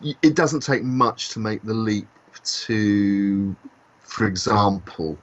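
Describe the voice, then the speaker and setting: A man co-hosting a podcast discussion, talking in a halting way with many fillers and restarts. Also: on the low side, steady tone. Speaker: podcast co-host. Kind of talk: casual discussion. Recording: dull lo-fi podcast audio.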